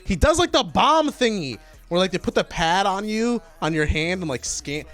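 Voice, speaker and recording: A young man casually telling a profane personal story, growing loud and animated as he recounts the panic. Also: high voice, normal speed.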